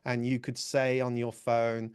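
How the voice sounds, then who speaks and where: A man's voice: medium pitch, completely flat delivery, measured pace, clean tone. A man presenting a live webinar, explaining step by step in a casual way. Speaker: workshop presenter.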